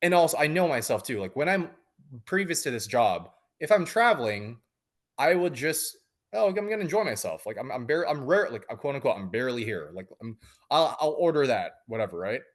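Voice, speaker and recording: A man's voice: medium pitch, big pitch swings, moderate pace. A man in his thirties, a coaching client, talking casually in an interview with many fillers and restarts.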